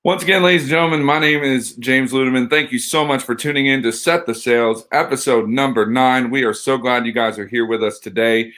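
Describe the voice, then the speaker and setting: A man's voice: medium pitch, steady tone, fairly quick, few pauses, a bit bright. A man hosting a casual sports podcast in an upbeat, joking manner. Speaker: podcast host.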